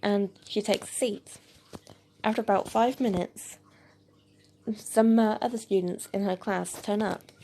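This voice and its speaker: A woman reads a homemade audio story aloud, in a low-key, gravelly voice with a mellow, dark tone. She stumbles now and then on small fillers and keeps her delivery plain. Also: steady tone, a little slow, long pauses, a little hiss or hum. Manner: plain reading with hesitant fillers. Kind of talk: amateur audio story narration.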